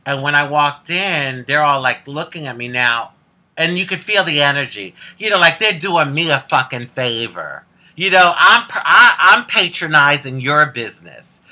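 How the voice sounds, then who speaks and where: Sassy woman with a sharp voice. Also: deep voice, animated, moderate pace. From United States. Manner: sassy, candid, laughs often. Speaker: vlogger. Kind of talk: casual storytelling to camera.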